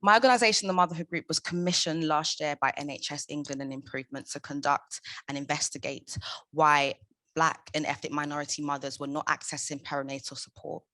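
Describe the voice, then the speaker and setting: A young woman speaks at a conference in a low, forceful voice, pressing her points with passion and emphasis. The sound is close and dry, with no room around it. Her questions land hard and rhetorical. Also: no room sound. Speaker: conference speaker, founder of a maternal support group. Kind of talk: prepared conference talk.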